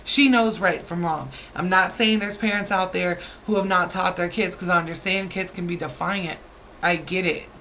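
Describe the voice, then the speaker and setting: A woman's voice: mid-range voice, pushed and bright, slight background noise, poor audio. A woman in her thirties, a parent, ranting to camera with exasperated, scolding rhetorical questions. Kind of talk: heated rant to camera.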